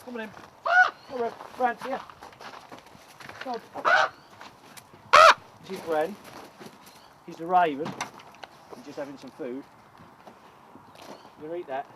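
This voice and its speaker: Man, bird keeper, animated sing-song delivery, slightly high, noisy outdoor recording. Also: measured pace, long pauses. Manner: coaxing and affectionate toward the birds. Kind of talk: casual talk while handling birds. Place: outdoors among bird enclosures.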